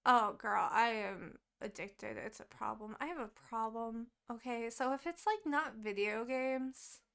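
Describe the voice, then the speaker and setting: Gravelly-voiced young woman ranting casually. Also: a little high, a little slow, a bit bright. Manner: swearing, rambling, laughing. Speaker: podcast co-host. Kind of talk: casual chat.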